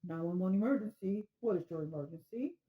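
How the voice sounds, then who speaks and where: Woman as a brisk emergency operator. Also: lowish voice, expressive, phone-quality sound, lightly acted. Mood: firm. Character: calm no-nonsense emergency operator, female.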